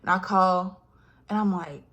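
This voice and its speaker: Young woman vlogging, animated storytelling, acts out voices, hushes for asides. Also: on the low side, a little slow. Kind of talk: casual storytelling.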